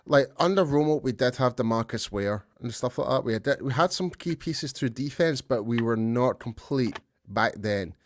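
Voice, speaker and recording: A man's voice: medium pitch, lively intonation, moderate pace, hardly any pauses, dry recording. A man co-hosting a casual sports podcast, talking loosely and poking fun at himself. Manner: chatty, loose, self-deprecating. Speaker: podcast co-host.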